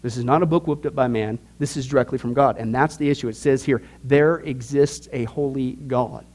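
A man's voice: medium pitch, fast talker, a little mellow. A man teaching a Bible study class in a casual, emphatic way, cracking jokes and asking the group questions.

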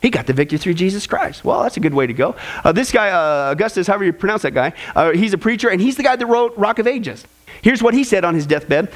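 A male pastor preaching a sermon in a strikingly high voice. He is emphatic and earnest and leans hard on key phrases to press his point home. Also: animated, quick pace. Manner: emphatic, rising to a high pitch on quotes.

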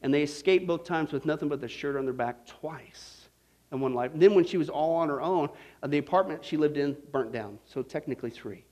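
A man from Kansas preaching a storytelling sermon to a live audience. He is animated and folksy, laughs at his own stories, and keeps checking in with the crowd. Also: on the high side, brisk. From Kansas, United States. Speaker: preacher teaching a Bible study.

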